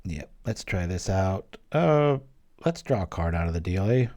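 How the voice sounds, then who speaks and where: Low mellow dude chatting and joking while playing a card game, rambles a lot. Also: male voice, animated, a little slow. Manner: rambling, jokey, chatty asides. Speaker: gameplay commentator. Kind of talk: casual gameplay commentary.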